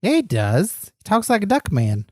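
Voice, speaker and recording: A man's voice: sits high, wildly swooping pitch, moderate pace, dry recording, clean studio sound. A man co-hosting a comedy wrestling podcast, joking and rambling through his lines. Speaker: podcast co-host.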